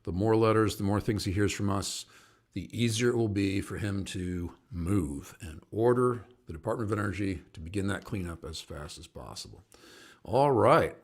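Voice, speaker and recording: A middle-aged singer and activist speaks at a normal speed in a deep, slightly mellow voice on his live online show. He rambles and chuckles through stories and welcomes viewers by name, in a casual live-stream manner.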